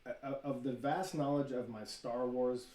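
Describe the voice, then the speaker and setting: A man's voice: medium pitch, steady tone, moderate pace, dark tone. A man hosting a podcast, talking casually and rambling with swearing and restarts. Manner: rambling, profane, fillers and restarts. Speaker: podcast host. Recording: roomy room, faint noise.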